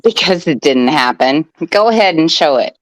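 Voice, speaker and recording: A woman's voice: sits low, expressive, normal speed, dry recording. A woman arguing heatedly in a group chat, curt and defiant, swearing often. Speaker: panel guest. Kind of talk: heated argument.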